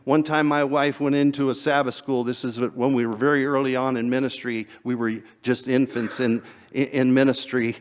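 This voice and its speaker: Conversational pastor preaching a sermon. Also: male voice, medium pitch, flat delivery, moderate pace, smooth. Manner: conversational, chuckles and repeats words.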